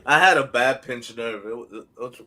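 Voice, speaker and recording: A man's voice: medium pitch, moderate pace, bright, forceful tone. A man chatting casually and teasing friends as a guest on a live stream. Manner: joking and teasing. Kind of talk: casual chat. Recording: online live stream call.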